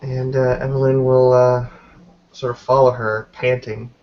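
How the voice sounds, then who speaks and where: A man's voice: mid-range voice, flat delivery, measured pace. Hesitant man narrating a tabletop game. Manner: hesitant, many fillers and hedges. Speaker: player. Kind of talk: tabletop role-play narration. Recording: dull lo-fi with faint noise.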